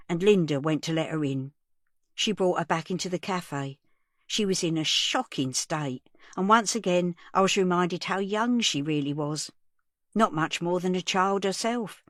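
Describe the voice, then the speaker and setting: A woman narrates an audiobook in a plain storytelling manner. Her voice sits on the low side. The studio recording is close and dry, with no room sound. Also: no echo. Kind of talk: first-person audiobook narration.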